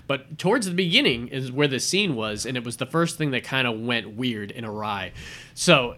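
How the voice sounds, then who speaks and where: A man spins a story in casual conversation, slipping into quoted lines as he goes. His voice is bright and forward, and he sounds animated, like he is reliving the scene as he tells it. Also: medium pitch, normal speed. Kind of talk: casual chat retelling a film scene.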